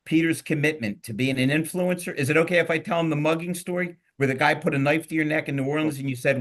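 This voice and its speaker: A man's voice: fairly high pitch, fast, few pauses, fairly bright tone. A middle-aged man with a Philadelphia accent hosting a casual panel show, rambling and joking with energy. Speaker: podcast host.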